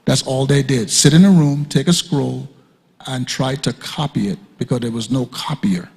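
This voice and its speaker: Older man, gravelly and husky voice, conversational teaching talk with joking asides, long hall reverb. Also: mid-range voice, moderate pace, darkish tone. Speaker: guest speaker at a church leadership conference. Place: church hall.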